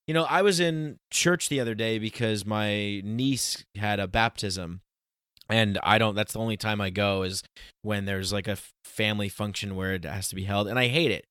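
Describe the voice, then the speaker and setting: A man's voice: fairly low pitch, a bit bright, smooth, no room sound, clean studio sound. Earnest man hosting a podcast. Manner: earnest, emphatic, slows down to stress points. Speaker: podcast host. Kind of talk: casual conversational podcast.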